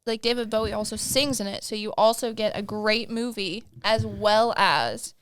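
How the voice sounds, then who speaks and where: A woman's voice: mid-range voice, moderate pace, fairly bright tone, clean tone. A young woman co-hosting a podcast in a casual, chatty way, peppering her talk with "like.". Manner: chatty, lots of "like". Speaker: podcast co-host. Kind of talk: casual chat.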